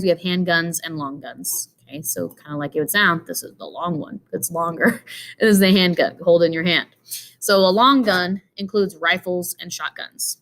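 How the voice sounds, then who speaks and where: A woman with a fairly low, slightly bright voice teaches an informal lesson, moving through slides with plenty of fillers and side remarks. She sounds tired and yawns, delivering a casual explanatory lecture as a teacher.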